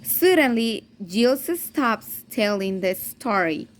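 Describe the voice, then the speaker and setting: A woman teacher reading a children's story aloud in a careful, halting way, repeating and correcting words as she goes. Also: a little high, lively intonation. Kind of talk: reading a story aloud slowly, then in Spanish.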